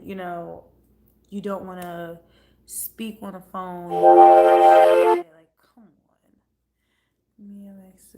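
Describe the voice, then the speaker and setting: A woman's voice: medium pitch, darkish tone, slight background noise. Blunt, foul-mouthed woman livestreamer. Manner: blunt, profane, chatty. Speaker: livestream host. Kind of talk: casual livestream chat.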